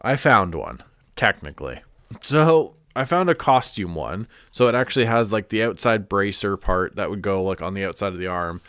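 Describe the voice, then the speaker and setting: A man's voice: lowish voice, lively intonation, normal speed, fairly bright tone, clear, resonant tone, no room sound, clean studio sound. A man chatting casually on a live stream, congested and rambling with lots of "like" and restarts. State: stuffed up, congested.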